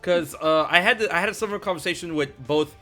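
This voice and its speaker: Bright, excitable male streamer host. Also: high voice, fast, soft background music. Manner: rambling, filler-heavy, excitable. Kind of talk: casual interview chat.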